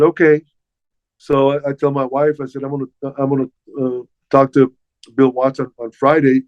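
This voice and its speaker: An older man, a former wrestler, telling stories as an interview guest in a lively way, stumbling over and repeating his words. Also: mid-range voice, no echo. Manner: animated, repeats words while recounting past dialogue. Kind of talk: casual storytelling. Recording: dull, slightly muffled dry sound.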